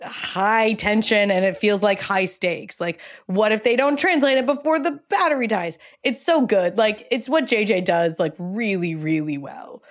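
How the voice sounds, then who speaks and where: A woman's voice: medium pitch, measured pace, hardly any pauses. A woman co-hosting a podcast, talking enthusiastically in casual chat about a TV episode. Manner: enthusiastic, animated storytelling. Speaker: podcast co-host.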